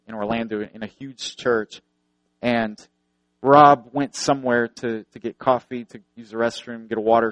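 An earnest male preacher gives a sermon, repeating phrases to drive his points home and drifting into anecdotes. His voice is ordinary middle pitch, recorded dry and close with no room echo.

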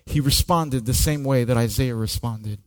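A man preaching a sermon with slow, dramatic delivery, dropping to near-whispers and rising to loud peaks. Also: medium pitch, dry recording, studio quality. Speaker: pastor.

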